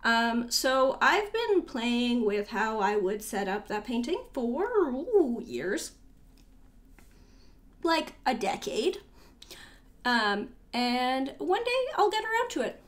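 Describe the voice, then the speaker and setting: A woman's voice: a little high, very animated, slow, a bit bright. A young adult woman casually talking through a tour of her sketchbooks, chatty and rambling, often trailing off and correcting herself. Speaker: artist showing her sketchbook.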